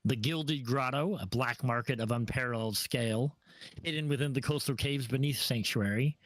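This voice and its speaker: A man at an average pitch narrating a tabletop fantasy session as game master. His descriptive delivery is laid-back and scene-setting, and the sound is dry and close to the mic. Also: moderate pace, no echo, rough recording. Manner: descriptive, relaxed with fillers.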